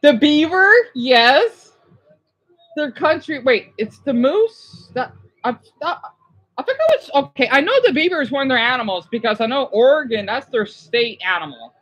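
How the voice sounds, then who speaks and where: A woman's voice: high voice, animated, normal speed, fairly bright tone, poor audio. Gushing, exclamatory woman streamer. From United States. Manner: gushing, exclamatory, easily distracted; swears casually, then apologizes. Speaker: streamer reacting to a parade. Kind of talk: casual live-stream reaction.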